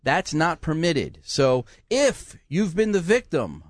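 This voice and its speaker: A man's voice: a little high, slow, no room sound, clean studio sound. A man hosting a radio call-in show, talking in a folksy, joking way. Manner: animated, folksy, jokey.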